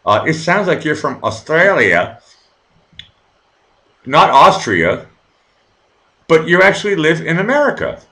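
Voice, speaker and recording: A man's voice: fairly high pitch, huge pitch swings, unhurried, long pauses, pushed and bright. A man hosting a casual live-stream interview, hesitant and full of fillers, swearing casually. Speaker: host.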